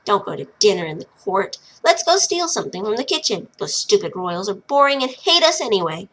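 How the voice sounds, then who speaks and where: A woman voicing a small boy spirit, sweet and childlike, who coaxes and wheedles his sister in a bright voice. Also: mid-range voice, very animated, brisk. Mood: scheming. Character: sweet little boy spirit, clingy and mischievous.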